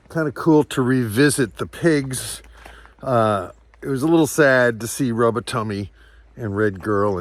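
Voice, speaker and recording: Farmer vlogger, male, mid-pitched, unhurried delivery, handheld camera mic outdoors with faint background noise. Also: a bit bright. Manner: slow, fond baby talk to his animals, chuckling often. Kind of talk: casual vlog narration. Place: outdoors on a farm among animals.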